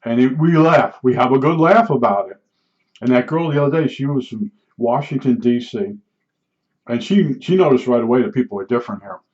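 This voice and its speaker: An older man with a New Jersey accent rambles through personal stories in a casual, chatty way. He circles back with frequent asides, and his middle-pitched voice comes through a dull, lo-fi recording. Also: fairly quick, darkish tone. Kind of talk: casual storytelling monologue. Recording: dull lo-fi sound.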